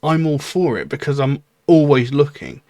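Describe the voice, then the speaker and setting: Musing over a track on his music reaction channel, a man speaks in loose, casual commentary full of pauses and fillers. He has a fairly high pitch and a dark tone, and the recording is dry.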